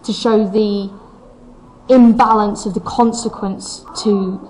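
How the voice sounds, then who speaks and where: A woman giving a recorded poetry lesson, her voice pitched in an ordinary middle range. She explains a step at a time, opening points with "so" and asking rhetorical questions. She reads the lines aloud, leaning on the stressed beats, and a faint noise sits behind her. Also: steady tone, takes it slowly, darkish tone, low-quality recording. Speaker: English teacher.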